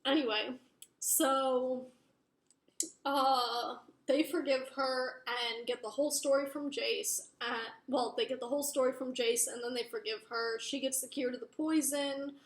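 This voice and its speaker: High-voiced young woman rambling through a recap. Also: steady tone, a little slow. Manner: rambling, filler-heavy, profane. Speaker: book reviewer. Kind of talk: casual spoiler recap. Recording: roomy echo.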